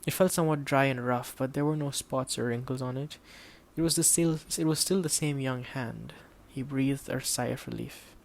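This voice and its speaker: A man narrates an audiobook at a steady, measured pace. His mid-range voice carries a gravelly texture, and he keeps the characters' lines quiet rather than theatrical. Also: medium pitch.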